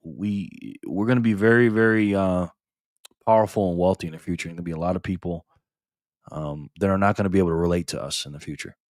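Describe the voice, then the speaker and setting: A man's voice: deep voice, fast, dry recording, clean studio sound. A man hosting a casual livestream, chuckling as he greets viewers by name and reads out their comments. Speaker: livestream host.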